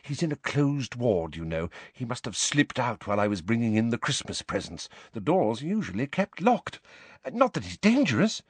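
A man voicing a fussy, motherly middle-aged female healer who coos and speaks softly. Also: medium pitch, sing-song, moderate pace, breathy edge, no room sound. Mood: confiding. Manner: cooing, soft, fond.

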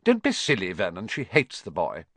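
A man reading an audiobook, voicing a fussy, snappish middle-aged aunt in a much higher, sharp voice. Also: huge pitch swings, normal speed, no echo, full character voice. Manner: sharp and scolding, doting on her son.

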